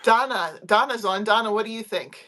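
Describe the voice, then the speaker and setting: A woman chats casually on her crochet livestream, giggling often. She rambles and lets her sentences trail off softly. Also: a little high, brisk. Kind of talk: casual live chat.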